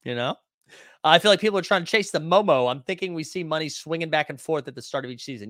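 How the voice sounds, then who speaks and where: Guy hosting a stream, bright punchy voice, rambly with lots of ums, dry close mic. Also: fairly high pitch, fast, dry recording. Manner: loose and rambling, many fillers and restarts. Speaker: livestream host. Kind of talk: casual livestream chat reading viewer comments.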